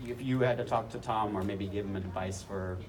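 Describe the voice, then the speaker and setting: A man's voice: on the low side, fairly quick. A man in the audience asking a convention panel a question, hesitant and full of fillers. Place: large convention hall. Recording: distant convention hall recording. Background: loud crowd and noise.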